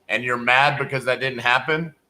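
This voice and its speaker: A man from Texas, a real estate wholesaler hosting a live sales call, asking calm, logical questions. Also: mid-range voice, moderate pace, rough recording.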